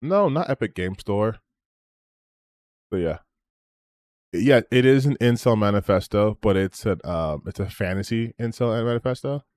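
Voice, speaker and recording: A man's voice: fairly low pitch, animated, normal speed, long pauses, darkish tone, no room sound. A man streamer closing out his stream in a rambling, self-promoting chat, swearing freely as he talks. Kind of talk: casual stream sign-off chat.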